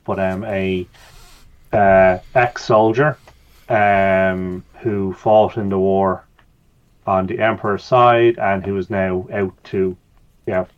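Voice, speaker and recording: A man's voice: lowish voice, phone-quality sound. A man playing a tabletop game, talking hesitantly as he thinks aloud. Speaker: player.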